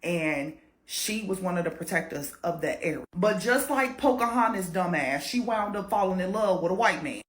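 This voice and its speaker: Lady spinning a spooky tale, cussing and laughing, roomy echoey sound. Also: mid-range voice. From Chicago, USA. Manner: animated, profane, laughs a lot. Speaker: storyteller. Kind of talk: casual paranormal storytelling. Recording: roomy echo.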